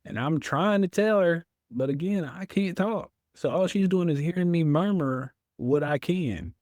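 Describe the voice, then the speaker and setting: A man's voice: on the high side, animated, a little slow, a little mellow, no room sound. A man, a veteran guest telling his story in an interview, acting out his own past words.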